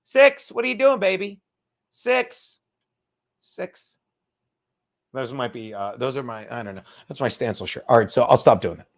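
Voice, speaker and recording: A man's voice: mid-range voice, sing-song, moderate pace, pauses often. A tired man hosting a casual live stream from home, rambling and swearing, with joking asides to the chat. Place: home room.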